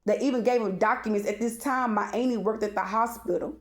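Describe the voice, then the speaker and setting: A woman's voice: on the high side, fairly even intonation, brisk. A woman telling a casual storytime monologue, rambling with many fillers, speaking straight to her audience and swearing freely. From Texas.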